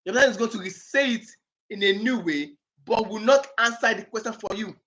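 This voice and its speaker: A man with a Nigerian accent, working as an IELTS speaking tutor, teaches an exam-prep lesson in a call-and-response classroom style. He repeats key phrases and turns questions back on the listeners to make sure they're following. His voice sits high and is fairly quick and bright.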